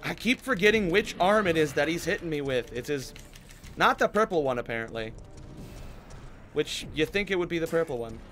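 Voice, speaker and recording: A man's voice: on the high side, animated, normal speed, fairly bright tone, a little hiss or hum. A man playing a survival horror game, pleading and swearing as he commentates. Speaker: gaming YouTuber. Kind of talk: let's play commentary.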